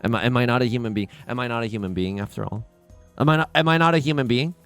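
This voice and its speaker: A young man giving casual, self-mocking commentary while playing a tile game, often swinging into loud groans. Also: mid-range voice, racing, faint music behind. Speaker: streamer playing mahjong. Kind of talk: casual let's-play commentary.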